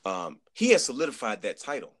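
A man chatting on a podcast, telling an animated story, acting out quotes and repeating words as he goes. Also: mid-range voice, fairly quick. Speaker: podcast guest. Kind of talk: casual chat.

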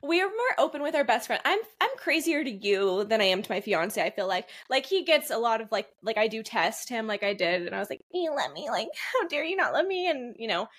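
Young woman, podcast co-host, slightly high voice, chatty and giggly. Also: animated, fairly quick, few pauses, fairly bright tone. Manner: chatty, laughs often, frequent "like". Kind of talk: casual chat.

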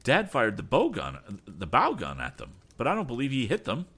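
A man voicing an eager young male inventor in an adventure audiobook, talking in quick, excited bursts. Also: medium pitch, husky, voice pushed up, exaggerated voice.

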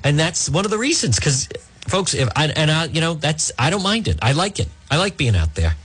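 A man's voice: a little high, big pitch swings, fairly quick, fairly bright tone, husky. A man hosting a talk radio show, speaking in an emphatic monologue and often restarting or repeating words.

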